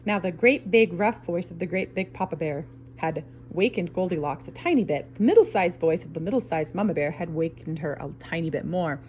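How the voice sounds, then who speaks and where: A woman reading a picture book aloud to children in an expressive storyteller's way. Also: fairly low pitch, a little fast, slight background noise. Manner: expressive, varied storyteller delivery. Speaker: storybook reader.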